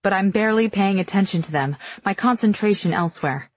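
A woman's voice: mid-range voice, brisk, no echo. A woman reading an audiobook in tense first-person narration.

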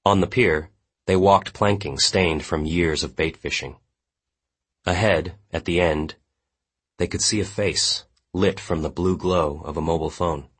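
A man narrating literary fiction with a measured, grave delivery. His voice sits extremely low, with a husky, breathy edge. The reading is steady and scripted. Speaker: audiobook narrator.

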